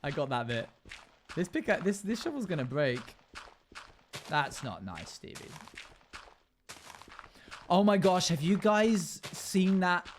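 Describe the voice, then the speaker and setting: A man's voice: high voice, sing-song, takes it slowly, long pauses, a little hiss or hum. A young man livestreaming casually, chatting with viewers, laughing often and humming to himself. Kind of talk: casual chat with live chat while gaming.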